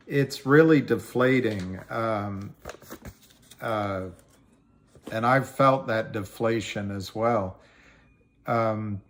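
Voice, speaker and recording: Casting note: male stream host, unhurried, hesitant, mid-range voice. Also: medium pitch, a bit bright. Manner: slow, halting, many ums and restarts. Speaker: livestream host. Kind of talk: casual livestream chat reading viewer comments.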